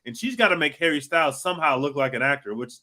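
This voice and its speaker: A man co-hosting a podcast, chatting casually about a movie in an animated, emphatic way. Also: fairly high pitch, quick pace. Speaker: podcast co-host. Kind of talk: casual movie review chat.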